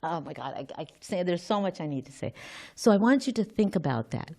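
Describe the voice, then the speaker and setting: A woman's voice: lowish voice, expressive, a little fast, creaky, darkish tone. A woman giving an informal scripture class, thinking aloud, quizzing her listeners and often restarting her sentences.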